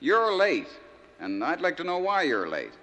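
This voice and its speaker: A man's voice: a little high, wildly swooping pitch, unhurried, sharp tone, voice pushed up, exaggerated voice. A man playing a stern male work foreman who speaks in a scolding way. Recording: reverberant 1971 live LP.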